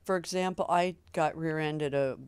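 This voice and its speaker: Woman host, low-pitched, bubbly and gushing in casual interview chat, dry recording. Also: fairly even intonation, moderate pace, a little mellow, smooth, no room sound. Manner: enthusiastic, effusive, laughs often. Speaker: talk show host.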